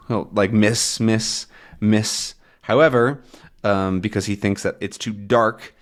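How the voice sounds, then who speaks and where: A man's voice: on the low side, unhurried. Patient man teaching English with comics. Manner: patient, checks in with "right?". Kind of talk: explaining comic vocabulary.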